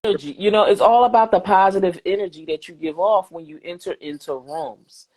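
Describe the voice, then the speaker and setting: A woman's voice: mid-range voice, a little fast, darkish tone. A woman hosts a podcast with a mid-range voice. She talks in an encouraging, conversational way and repeats her phrases for emphasis. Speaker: podcast host.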